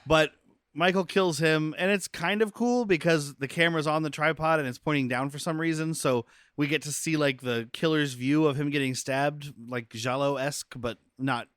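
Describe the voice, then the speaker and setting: A man with a slightly high voice co-hosting a comedy movie podcast. He walks through the plot in relaxed chat and laughs along with the others. The recording is dry and close. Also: moderate pace, clear, resonant tone, no echo. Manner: recaps the plot, laughs often. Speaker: podcast co-host.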